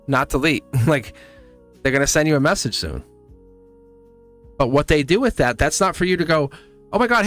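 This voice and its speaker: A man gives a casual tarot reading to camera, chatty and reassuring, frequently asking "see?" and chuckling as he goes. His voice is on the high side and a bit bright.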